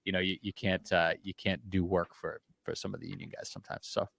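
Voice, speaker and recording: A man who is a general contractor hosts a podcast in a casual interview, telling animated stories, swearing casually and laughing at his own tales. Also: low-pitched, fairly quick, vocal fry, no room sound. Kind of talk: casual interview chat, storytelling.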